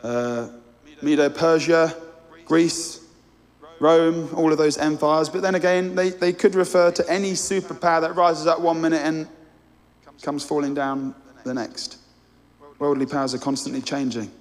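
A man's voice: on the high side, steady tone, moderate pace. A man preaching a sermon, earnest and direct, speaking straight to his listeners. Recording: long hall reverb.

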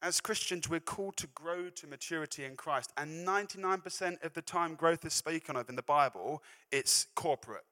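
A man's voice: fairly high pitch, fairly quick, hardly any pauses, pushed and bright. A man preaching a sermon, chatty and self-deprecating, breaking off into laughing asides. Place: church hall. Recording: echoey hall reverb.

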